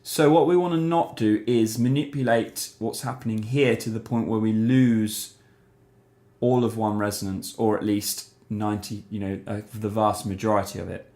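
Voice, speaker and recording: A man's voice: fairly low pitch, normal speed. A man giving a casual voice lesson, explaining resonance and singing short syllables to demonstrate. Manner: demonstrates vocal sounds on syllables like "ma" and "mum"; relaxed, conversational explaining. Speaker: singing teacher. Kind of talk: voice lesson to camera.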